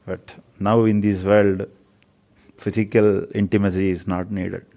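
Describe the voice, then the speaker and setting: Older man, Indian English accent, low voice, earnest guest sharing wisdom. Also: level tone, unhurried, mellow. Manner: preachy, repeats phrases for emphasis. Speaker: Ayurvedic physician interviewed as guest. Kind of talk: earnest spiritual talk.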